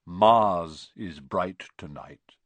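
A man voicing a solemn, cryptic male centaur with a deep, sorrowful voice, speaking slowly and gravely in a storybook reading. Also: a bit bright, no echo, heavily acted. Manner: slow, grave, evasive.

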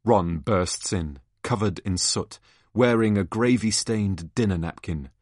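A man's voice: on the low side, a little slow, darkish tone, dry recording, clean studio sound. A man reading stage directions aloud in a plain, matter-of-fact way. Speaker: narrator.

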